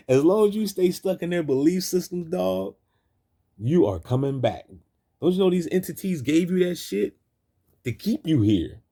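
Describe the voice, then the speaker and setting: Husky, preachy man ranting in street slang. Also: mid-range voice, warm tone. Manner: repetitive, stumbling restarts. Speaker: video host. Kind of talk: ranting commentary over film clips.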